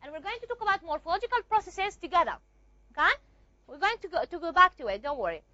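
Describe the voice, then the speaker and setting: High-voiced woman teaching a lecture. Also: sing-song, quick pace, bright, forceful tone, no room sound, dull audio. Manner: repeats and asks rhetorical checks, with frequent fillers. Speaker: linguistics teacher. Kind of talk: recorded classroom lecture.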